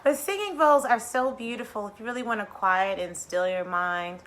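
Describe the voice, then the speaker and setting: A woman hosting a casual mindfulness livestream, bubbly and excitable, talking straight to her viewers. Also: mid-range voice, normal speed.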